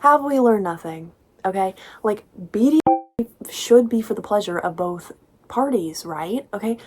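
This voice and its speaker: A woman's voice: mid-range voice, lively intonation, moderate pace, soft background music. A young woman casually recapping a novel as a book reviewer, with sarcastic, laughing asides.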